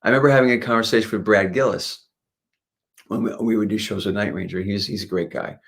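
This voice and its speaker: Low-voiced man telling rambling stories. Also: fast talker, gravelly. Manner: rambling, with frequent restarts and fillers; lively when retelling anecdotes. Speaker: guest musician, singer and guitarist. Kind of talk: casual interview storytelling.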